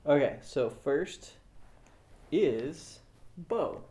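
A man's voice: a little high, animated, extremely slow, warm tone. A man running a family tabletop game as game master, narrating playfully and often laughing.

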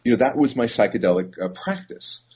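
A man, a therapist, telling a personal story in a halting, reflective way with many fillers and restarts. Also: mid-range voice, expressive, a little mellow, breathy edge. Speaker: psychotherapist. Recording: dull lo-fi recording.

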